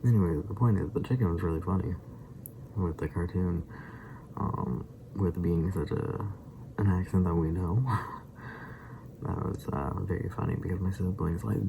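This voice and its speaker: Gravelly low-voiced man rambling. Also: moderate pace, pauses often, dark tone, a little hiss or hum, low-quality recording. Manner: rambling, hesitant, laughs often. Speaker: daily vlogger. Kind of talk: casual reaction chat.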